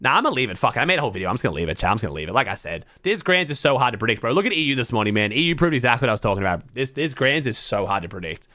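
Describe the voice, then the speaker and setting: Fast-talking bright Australian man. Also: mid-range voice, big pitch swings, no room sound, studio quality. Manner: blunt, swears often, thinks aloud. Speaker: streamer. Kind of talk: casual livestream chat to viewers.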